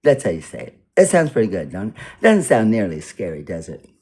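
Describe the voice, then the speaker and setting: A man's voice: on the low side, huge pitch swings, a little fast, warm tone, husky. A man giving casual commentary over a video, rambling and repeating words as he mock-teaches pronunciation. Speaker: video reactor.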